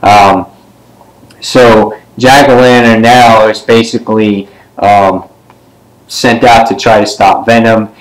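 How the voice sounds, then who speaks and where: A man giving a casual comic book review, retelling the story in a rambling way with many fillers and sometimes jumping up in pitch to act out a character's line. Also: steady tone, slow pace, low-quality recording. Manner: briefly acts out characters' lines with pitch jumps.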